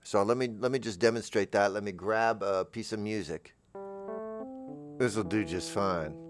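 A man's voice: on the low side, a little slow. A man in a rambling comedic monologue, drifting through absurd, meandering trains of thought. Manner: talks over background music. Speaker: comedic character host.

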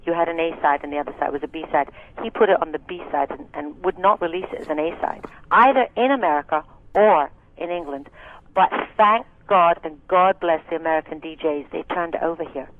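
A woman's voice: deep voice, a little fast. A woman in her sixties from Scotland, a singer and actress telling frank, chatty stories with many asides in a casual interview. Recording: tinny phone line, dry.

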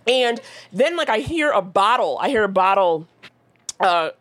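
A woman's voice: medium pitch, measured pace. A woman telling a comic story in a radio studio, laughing often and swearing freely. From United States. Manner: profane, laughing, animated. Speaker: guest storyteller.

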